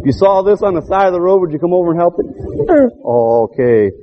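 A man's voice: high-pitched, lively intonation, brisk, lo-fi sound, heavy background noise. A middle-aged man preaching a sermon in a folksy way, calling out to his congregation and acting out characters in quoted asides. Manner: folksy, calls out "Huh?" to the congregation.

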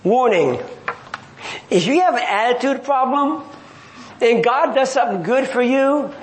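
Male preacher, very high voice, lively swinging pitch, echoey hall, faint noise. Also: unhurried. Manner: animated, humorous storytelling with acted-out voices; reads scripture then paraphrases in everyday talk. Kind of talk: sermon.

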